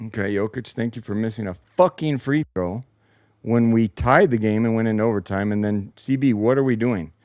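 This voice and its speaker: Speaking at a moderate pace, this man has a darkish voice on the low side, in studio-quality audio without echo. He hosts a post-game show from his home basement, dissecting replays with sarcasm, frustration, and heavy profanity.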